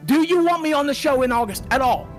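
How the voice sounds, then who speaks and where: A middle-aged man shouting and swearing nonstop in a heated livestream argument. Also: very high-pitched, expressive, quick pace, soft background music. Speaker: livestream show member.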